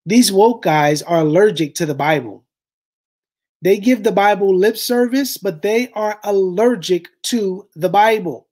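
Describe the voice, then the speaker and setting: A man's voice: sits high, unhurried, a little mellow. A man hosting reaction commentary, speaking in an impassioned, preachy way and talking straight to his listeners. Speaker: commentary host.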